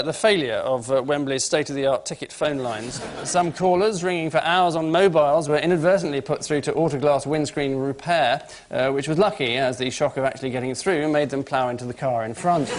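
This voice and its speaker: A man hosting a panel show, reading scripted comic links in a dry, deadpan manner. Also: fairly high pitch, a little hiss or hum. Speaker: quiz show host. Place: TV studio with audience. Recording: TV studio with loud audience.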